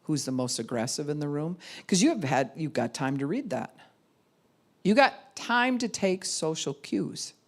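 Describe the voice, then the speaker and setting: A middle-aged woman pastor with a deep, animated voice delivers a conversational sermon at a measured pace. As she teaches, she acts out the voices of the people she quotes.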